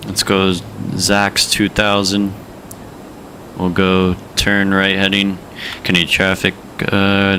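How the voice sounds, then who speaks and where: A man's voice: low voice, completely flat delivery, slow, bright, forceful tone, a little hiss or hum. A young man streaming a flight sim, chatting casually in slang and joking with viewers. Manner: slangy, joking, drops into put-on accents. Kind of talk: casual livestream chat.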